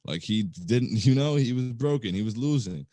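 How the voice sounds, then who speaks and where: A man co-hosting a sports podcast, ranting in an animated, exasperated way. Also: medium pitch, normal speed, no echo. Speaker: podcast co-host. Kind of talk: casual sports chat.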